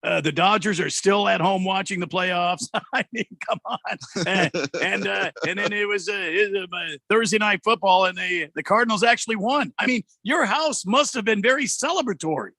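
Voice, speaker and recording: A man's voice: sits high, normal speed, pushed and bright, dry recording, studio quality. A man co-hosting a sports radio show, talking in a loose, jokey way with plenty of fillers. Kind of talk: casual sports radio banter. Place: radio studio.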